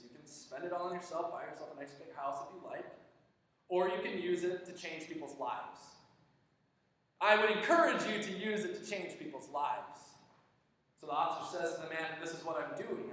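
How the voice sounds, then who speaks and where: Guy preaching, fairly high voice, big echoey church sound, mic kinda far off. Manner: animated storytelling, acting out dialogue with many restarts. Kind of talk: sermon storytelling.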